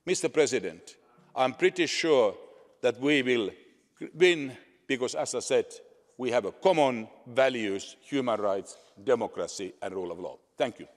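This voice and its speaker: A man delivers a parliamentary speech to an assembly, halting now and then and restarting his words. The long reverb of a large chamber trails after his voice. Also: medium pitch, lively intonation.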